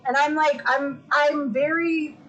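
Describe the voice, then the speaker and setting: A woman hosts a casual livestream from her home, chatting to her viewers in a loose, excitable way. She swears freely. Her voice sits high and sounds bright and forward. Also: takes it slowly, highs cut off. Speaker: livestream host.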